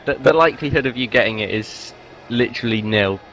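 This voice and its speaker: A man's voice: medium pitch, brisk, fairly bright tone, a little hiss or hum, poor audio. A man co-hosting a live sim race broadcast, trading dry, joking banter with the others. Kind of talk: casual live broadcast chat.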